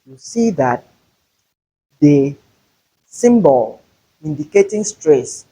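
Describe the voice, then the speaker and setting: Man, pronunciation teacher, slow and deliberate, slightly husky voice. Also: a little high, darkish tone, rough recording. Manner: slow, deliberate, repeats example words with stress. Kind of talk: classroom-style pronunciation lesson.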